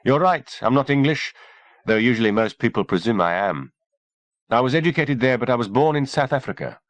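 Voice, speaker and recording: A man's voice: mid-range voice, animated, a little fast, voice pushed up, close to an everyday voice. A man voicing a composed woman doctor with a semi-posh English voice, cool and slightly mocking, in an audiobook reading. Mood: cool, poised.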